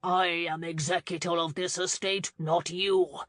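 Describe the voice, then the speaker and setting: A man's voice: high voice, fairly even intonation, moderate pace, no room sound. A woman voicing a corpulent, greedy uncle who bellows and blusters in an audiobook scene. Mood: shouting. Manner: loud, bellowing and defensive. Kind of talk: audiobook character reading.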